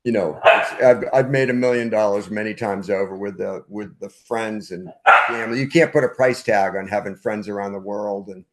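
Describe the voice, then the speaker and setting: A man's voice: fairly low pitch, moderate pace, heavy background noise. An older man, a punk band frontman, talking casually as a podcast guest, rambling and often cutting himself off mid-thought. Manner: rambling, self-interrupting, trails off. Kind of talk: casual conversation. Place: at home, dog nearby.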